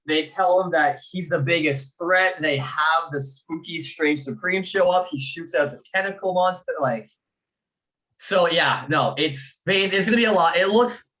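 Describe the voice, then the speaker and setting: Male host, high and bright, animated laughing storyteller, casual chat. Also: rough recording. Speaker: podcast host.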